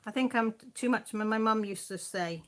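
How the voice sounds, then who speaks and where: A woman with an English accent hosting a casual live chat from home, rambling and quick to laugh. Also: fairly high pitch, fairly bright tone. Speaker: craft channel host.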